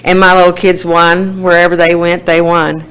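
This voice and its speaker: Oklahoma lady in her 60s telling her story at a meeting, folksy, chuckles a lot, smooth clear voice. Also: lowish voice, level tone, moderate pace, fairly bright tone, poor audio. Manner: folksy storytelling, laughs often. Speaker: recovery meeting speaker. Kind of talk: personal testimony.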